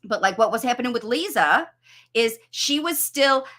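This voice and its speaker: A woman's voice: a little high, animated, normal speed, a bit bright. A woman speech-language pathologist coaching parents on a live stream, explaining with enthusiasm and everyday examples.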